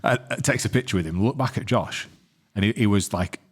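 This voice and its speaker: A man's voice: on the low side, brisk, breathy edge. A man, co-hosting a podcast and telling stories in casual, swearing banter. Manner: swearing, animated storyteller. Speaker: podcast co-host.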